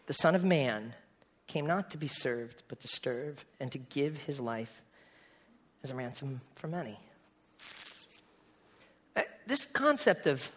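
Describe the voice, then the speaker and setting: A man from New England preaching a sermon in a conversational, animated way, acting out quick asides. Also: fairly high pitch. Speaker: pastor.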